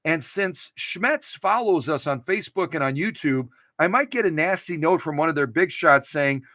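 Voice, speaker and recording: A playful man hosts a laid-back sewing machine demo in his home workshop, cracking jokes and cheering on his machine and camera as he shows off the vintage machines he restores. His voice is on the high side, expressive, bright and forceful. He keeps a moderate pace with few pauses, and the recording is dry.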